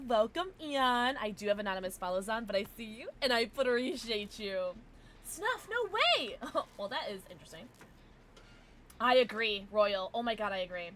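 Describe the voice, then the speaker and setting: A woman's voice: on the high side, fairly bright tone, slight background noise. A young woman streaming a game, chatting casually with her viewers and reacting with frequent giggles. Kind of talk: casual gaming livestream chat.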